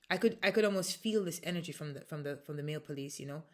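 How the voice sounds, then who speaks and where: An American woman telling an emotional personal account as a mother, impassioned and halting, often restarting her sentences. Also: sits low. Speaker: mother recounting a dispute.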